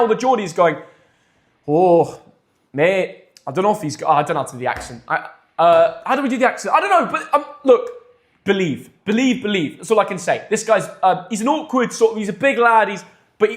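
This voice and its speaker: A young man with a high voice hosts a live football stream. He is excitable and jumps from loud hype to quick chatty asides.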